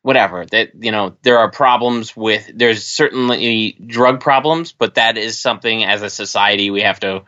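Male co-host, lowish voice with a forceful edge, lo-fi sound, opinionated and casual. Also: normal speed, few pauses. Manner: casual, opinionated, hesitant restarts. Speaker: podcast co-host. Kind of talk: casual chat.

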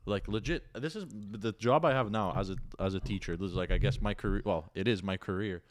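Casual male podcast host, low-pitched, easygoing storyteller. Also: fairly quick. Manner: laid-back, laughs often, mimics people's voices. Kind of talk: casual chat.

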